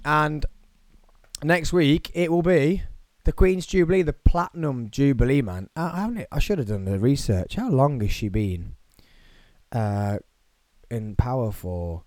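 A man hosting a podcast alone in his studio, talking excitedly and rambling. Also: medium pitch, unhurried, no echo. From United Kingdom. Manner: excitable, rambling, self-mocking. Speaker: podcast host. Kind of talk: solo podcast monologue.

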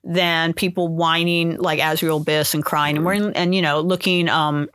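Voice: medium pitch, level tone, moderate pace, a bit bright, clear, resonant tone, no room sound, studio quality. A podcast host in casual conversation, rambling thoughtfully with filler words and self-corrections. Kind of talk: casual podcast conversation about music subculture.

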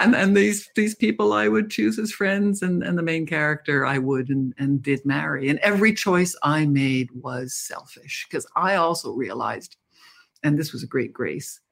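A woman's voice: sits low, unhurried, gravelly, slightly rough. An older woman, a guest author speaking candidly and reflectively in an interview. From Canada. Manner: reflective, candid storytelling with laughs. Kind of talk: interview conversation.

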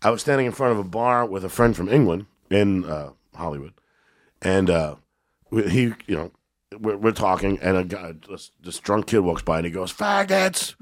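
A man's voice: low voice, normal speed. A man, a guest comedian, telling stories in a casual podcast chat, stammering and restarting as he goes. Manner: animated storyteller, stammers and restarts.

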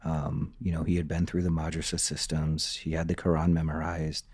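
Low husky-voiced man telling war stories. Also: monotone, moderate pace, a little mellow, dry recording. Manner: candid, profane, acts out dialogue. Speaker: former intelligence officer guest. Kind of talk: candid storytelling interview.

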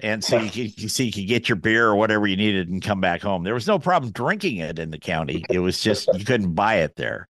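A man hosting a podcast, chatty and quick to laugh while asking friendly questions. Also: lowish voice, animated, fairly bright tone, dry recording. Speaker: podcast host. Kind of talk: casual podcast interview.

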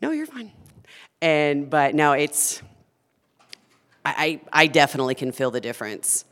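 A woman's voice: low-pitched, very animated, unhurried, a bit bright, long reverb tail. A woman who founded a food company, talking earnestly and with passion as a guest in a conversational interview.

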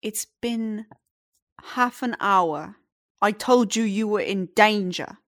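An impatient shady contact, gruff and curt, as a woman game master puts him on. He snaps his lines at a middling pitch in a brusque tabletop scene. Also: takes it slowly, natural voice.

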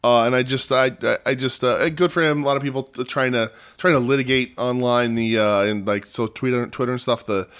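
A man's voice: mid-range voice, fairly even intonation, fairly quick, few pauses, a bit bright, clear, resonant tone. Profane, rambling podcast co-host man. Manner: profane, rambling, jokey impressions. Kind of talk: casual chat.

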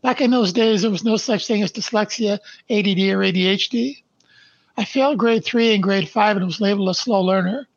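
An older man from Canada, a podcast guest who speaks slowly and deliberately, stressing his points and then reading his life story aloud. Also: high-pitched, no echo, highs cut off. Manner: slow, deliberate and emphatic.

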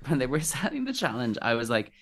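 A man chatting as a podcast guest, animated and quick to act out other people's lines in playful voices. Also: a crowd in the background. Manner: animated, acts out quoted voices in high pitch. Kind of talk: casual chat.

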